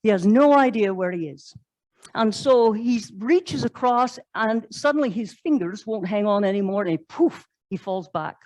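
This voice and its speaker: A woman's voice: mid-range voice, animated, moderate pace, darkish tone, no room sound, rough recording. A woman pastor, preaching a sermon in a conversational way, telling stories and asking rhetorical questions. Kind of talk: sermon storytelling. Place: church.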